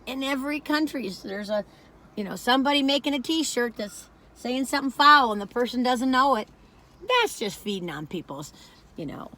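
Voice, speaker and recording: Taste-testing a dessert for her vlog, a woman from the northern U.S. chats emphatically and wanders off on tangents in a laid-back food review. Her voice sits on the high side with a fairly bright tone.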